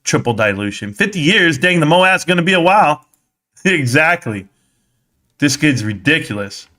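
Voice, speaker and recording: A man's voice: fairly high pitch, very animated, normal speed, pushed and bright. Heated man ranting on a live stream. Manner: heated, combative, talks back to chat. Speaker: stock market live streamer.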